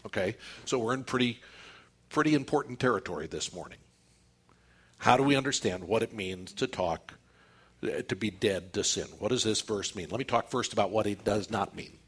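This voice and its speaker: Husky-voiced man preaching emphatically. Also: fairly low pitch, moderate pace. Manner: emphatic preaching with rhetorical questions to the congregation. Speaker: pastor. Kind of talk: sermon.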